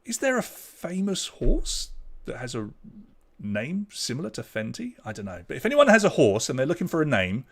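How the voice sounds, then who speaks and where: A man's voice: medium pitch, wildly swooping pitch, normal speed, a bit bright. A man hosting an online pub quiz, reading out questions and scores with chatty, jokey asides. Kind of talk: live quiz hosting, casual chat.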